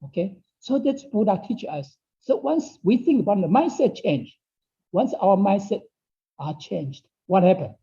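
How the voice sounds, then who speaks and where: A man's voice: high-pitched, big pitch swings, measured pace, mellow. A man teaching an online Dao study class in English that is not his first language. He repeats his phrases and keeps checking in with his listeners by asking "okay?". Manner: non-native English phrasing. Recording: dull lo-fi online class audio.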